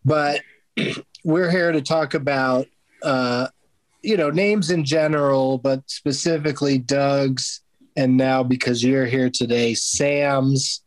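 A man's voice: mid-range voice, fairly even intonation, slow, no echo. A man hosting a podcast in casual chat, rambling and hesitant with lots of fillers. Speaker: podcast host.

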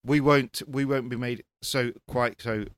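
Guy pundit, mid voice, animated, keeps repeating words mid-sentence, casual panel chat. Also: mid-range voice, unhurried, clean tone, no echo. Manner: animated, repeats words when pressing a point. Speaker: rally pundit.

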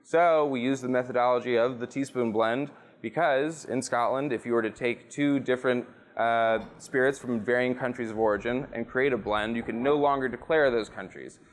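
A man's voice: medium pitch, normal speed, few pauses. A man guest on a podcast, chatting in a loose, profane, storytelling way, recorded in a rum bar. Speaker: guest, rum brand representative. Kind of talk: casual storytelling interview.

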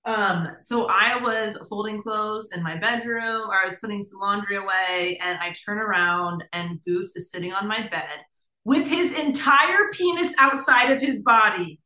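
A woman co-hosting a podcast, telling a story in casual chat with animated, profane energy. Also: mid-range voice, normal speed, echoey room. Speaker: podcast co-host.

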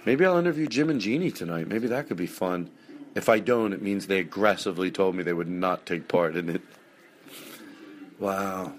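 A middle-aged man hosting a podcast, rambling casually and jokingly, and slipping into high mocking voices when he acts out bits. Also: normal speed. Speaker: podcast host.

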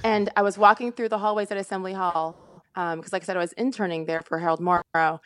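Fast, animated woman telling a story. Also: fairly low pitch, dry recording. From Indiana, USA. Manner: animated, quick and laughing, with many restarts. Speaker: sportscaster guest. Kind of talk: casual storytelling on a podcast.

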